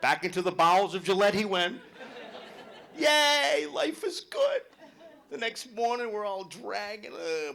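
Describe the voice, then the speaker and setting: High, lively, bright-voiced male comedian. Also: vocal fry. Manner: loud, swearing, animated storytelling. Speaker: stand-up comedian. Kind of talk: live stand-up comedy. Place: club event hall with live audience.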